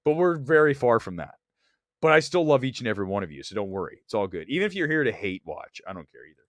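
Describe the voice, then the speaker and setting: A man's voice: mid-range voice, sing-song, fast, a bit bright, no echo. A man hosting a livestream about movies, talking bluntly and teasing his chat. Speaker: livestream host.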